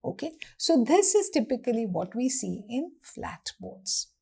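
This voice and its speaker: A woman's voice: a little high, unhurried, gravelly, background noise. A woman with an Indian English accent teaching anatomy, asking questions and answering them herself. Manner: lively, asks and answers her own questions. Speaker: anatomy lecturer. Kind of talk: classroom lecture.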